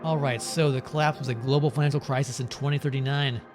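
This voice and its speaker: A man's voice: medium pitch, steady tone, quick pace, music in the background. A man hosting a let's play, casually commenting and reading game text aloud, swearing at times.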